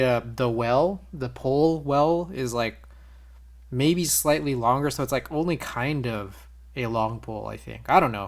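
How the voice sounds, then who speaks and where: A man streaming live, chatting casually with viewers while typing on a keyboard he built. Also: mid-range voice. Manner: laid-back, talks to chat while typing.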